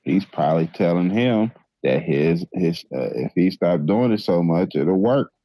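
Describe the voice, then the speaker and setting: A man co-hosting a casual podcast, calmly explaining his opinion in a laid-back way. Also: sits low, measured pace, no room sound, muffled recording. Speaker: podcast co-host. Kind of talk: casual debate chat.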